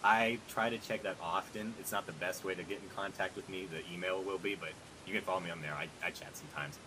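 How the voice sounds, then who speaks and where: A man's voice: deep voice, fairly even intonation, fast talker, noisy background. A man hosting a podcast, chatting casually and joking as he rambles through plans for the show. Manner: rambling, joking, upbeat promo talk. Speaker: podcast host.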